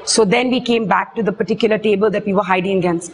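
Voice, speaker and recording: A young woman, earnestly retelling a personal experience in halting, emotional speech. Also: medium pitch, steady tone, slight background noise. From India. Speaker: witness giving testimony. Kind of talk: personal testimony.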